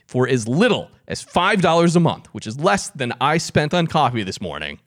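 A man's voice: a little high, big pitch swings, normal speed, dry recording, studio quality. Easygoing man joking on a podcast. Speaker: podcast co-host. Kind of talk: casual chat.

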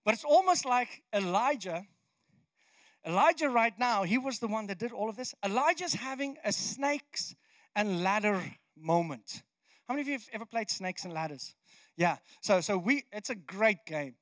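A man preaching a sermon in a conversational, animated way, often restarting his sentences. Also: high voice, moderate pace, no echo. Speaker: pastor.

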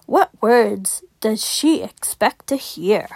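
A woman reading a children's picture book aloud as host of her podcast, expressive and sing-song. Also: a little high, slow pace. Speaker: children's story reader.

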